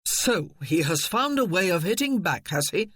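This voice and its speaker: Reader voicing a calm, firm army officer. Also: male voice, sits high, normal speed, breathy edge, dry recording, clean studio sound, heavily acted. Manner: maddeningly calm, firm, reassuring. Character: steady male military officer, calm and protective.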